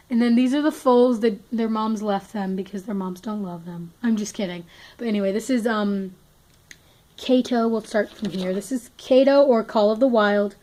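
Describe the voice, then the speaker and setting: A woman's voice: mid-range voice, moderate pace, darkish tone, poor audio. A woman giving a casual, rambling tour of her toy collection, often scattered and poking fun at herself. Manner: rambling, self-mocking, scattered, chatty. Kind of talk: casual chat.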